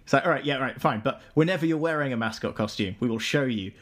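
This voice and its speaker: A man's voice: mid-range voice, quick pace, a bit bright. A man guesting on a film podcast, joking and opinionated in casual chat.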